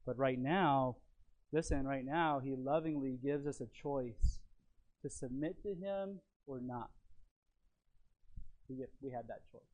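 A man preaching a sermon as he teaches from his notes. He talks earnestly and emphatically, moving between loud stresses and quiet lines. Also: mid-range voice. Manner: teacherly, walks through notes and fill-in blanks.

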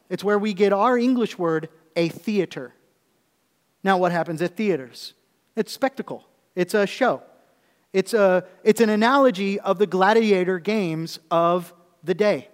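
A man's voice: high-pitched, moderate pace. A male preacher giving a sermon, explaining scripture with humorous asides and rhetorical questions. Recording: echoey hall.

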